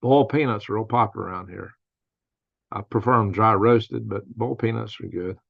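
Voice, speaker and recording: Older guy w a gravelly voice rambling thru stories on his stream, dry dull audio. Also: on the low side, fairly quick, no room sound. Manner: rambling storyteller who laughs at his own jokes. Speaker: host of a news and commentary stream. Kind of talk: casual live-stream chat.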